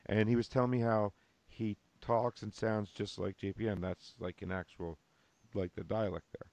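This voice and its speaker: Podcast host: a man with a gravelly, low voice who jumps in to tease and joke, recorded dry. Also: flat delivery, a little mellow, dry recording. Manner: teasing, laughing, quick interjections. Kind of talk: casual racing chat.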